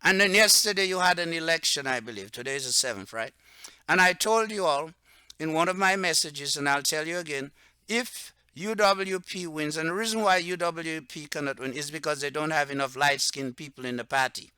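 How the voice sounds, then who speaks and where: Man with Patois roots, self-styled religious leader, off-the-cuff monologue; smooth, dry close-mic sound. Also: on the high side, pushed and bright, no room sound. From Dominica. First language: Antillean Creole (Patois). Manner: rambling, repeats "okay?" and "right?", turns heated and slower when stressing points. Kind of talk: unscripted monologue to camera.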